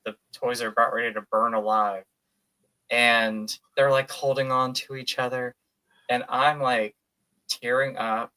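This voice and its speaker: A man chats on a casual podcast, his voice bright and forward. He tells stories with lively quoted asides. His pitch sits in the middle for a man. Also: a little slow, poor audio. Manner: animated, emotional storytelling with quoted asides. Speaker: podcast co-host. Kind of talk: casual chat.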